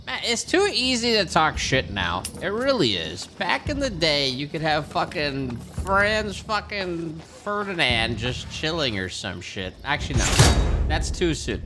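A man's voice: fairly high pitch, measured pace, background noise. A man streaming a strategy game live, ranting and swearing freely as he plays. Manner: profane, ranting, animated. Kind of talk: live gameplay commentary. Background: game music.

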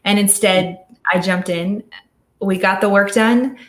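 A woman's voice: medium pitch, steady tone, measured pace, fairly bright tone, reverberant. A middle-aged woman, an audio studio founder, speaking casually and thoughtfully in a virtual talk over a video call. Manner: chatty, thoughtful, with frequent restarts.

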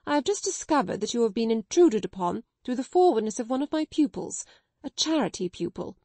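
A woman's voice: sing-song, a little fast, warm tone, no echo. A woman reading an audiobook, voicing a stern, haughty schoolmistress who speaks with rigid politeness and rising indignation. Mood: indignant. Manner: indignant, rigidly polite, shrill when shocked.

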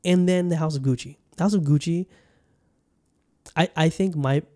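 A man's voice: fairly high pitch, moderate pace, a little mellow. A man hosting his own podcast, chatting casually and rambling, often restarting his sentences as he talks straight to his listeners. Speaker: podcast host. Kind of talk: casual solo podcast chat. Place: Bangkok.

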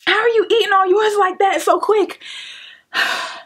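Woman vlogger, slangy and playful, slow easy delivery, music bed behind. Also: very high-pitched, steady tone, fairly bright tone. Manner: slangy, playful, talks to her viewers. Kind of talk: casual vlog chat.

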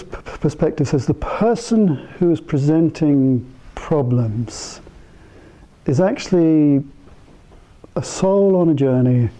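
An older man giving an informal talk to a small group of therapists, telling anecdotes in a conversational way and thinking aloud with pauses and restarts. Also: a little high, dark tone, poor audio. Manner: conversational, anecdotal storyteller who mimics the people in his stories. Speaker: speaker addressing psychotherapists. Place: meeting room with a small live audience.

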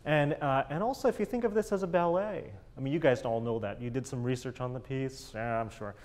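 A man's voice: mid-range voice, brisk, darkish tone. A man coaching a chamber ensemble in a master class, encouraging and enthusiastic, singing out rhythms with syllables.

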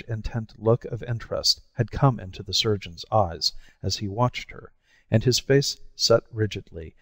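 A man narrating a classic short story as an audiobook, in a measured storytelling manner. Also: fairly low pitch, no echo, big-room sound. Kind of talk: scripted narration.

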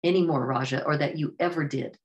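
A woman voicing a petty, greedy young man who speaks sharply and resentfully, pitched above her narrating voice. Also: brisk, lo-fi sound, natural voice.

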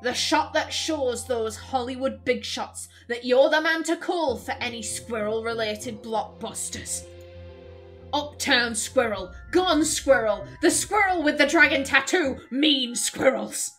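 A woman's voice: sits high, measured pace, fairly bright tone, soft background music. A woman voicing a rambling male wildlife photographer in a video game, talking to himself. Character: eager small-town male wildlife photographer.

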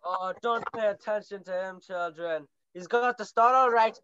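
A young woman voicing a brave, gruff little male cinnamon bear in a school play, bossy and mock-ferocious. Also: medium pitch, moderate pace, fairly bright tone, highs cut off, slight background noise, lightly acted. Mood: indignant. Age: young adult. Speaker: student actor. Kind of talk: stage play acting.

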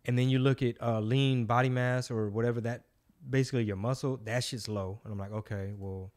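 Forties male podcast host, casual storyteller, mid-pitched. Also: steady tone, fairly quick, a little mellow. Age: 40s. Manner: loose storytelling, slangy, swears freely.

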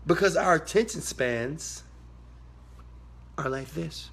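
A man giving a motivational talk to his viewers, emphatic and preachy, swinging from quiet asides to loud shouted bursts. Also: medium pitch, lively intonation, moderate pace, husky. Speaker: motivational speaker.

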